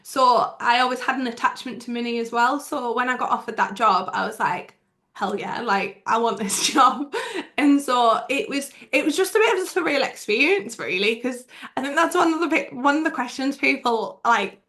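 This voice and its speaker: A woman's voice: high voice, brisk, hardly any pauses. A woman with a Middlesbrough accent, a stunt driver telling stories as a guest in a casual interview. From Middlesbrough, England. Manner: chatty, lively anecdote telling.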